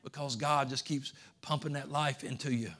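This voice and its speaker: A man preaching, his voice set at an ordinary middle pitch. He tells a story as he preaches, dropping to near-murmured asides and then building to loud, fervent declarations. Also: fairly even intonation, normal speed. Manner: storytelling preacher, swings from hushed to emphatic. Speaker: pastor. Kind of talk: sermon.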